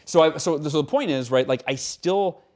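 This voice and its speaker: A man in his forties, a guest author speaking in a casual interview, earnest and animated, acting out quotes as he tells stories. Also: a little high, moderate pace.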